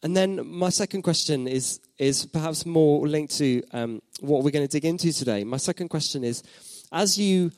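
Preaching at a normal speed with few pauses, a man in his thirties uses a fairly high male voice with a darkish tone. He reflects aloud, questions his congregation, and drives points home through repetition. The audio is close and dry, with no room sound.

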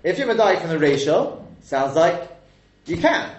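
A man's voice: on the high side, very animated, unhurried, muffled recording, slight background noise. A man teaching a text lesson, explaining step by step and quizzing his listeners with rhetorical questions. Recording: echoey room.

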